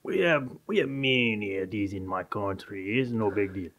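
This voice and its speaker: A man's voice: on the low side, moderate pace, fairly bright tone. A man telling a joke puts on a Latin American accent to play an offhand male Cuban cigar smoker. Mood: nonchalant. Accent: put-on Latin American accent. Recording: dull lo-fi podcast audio.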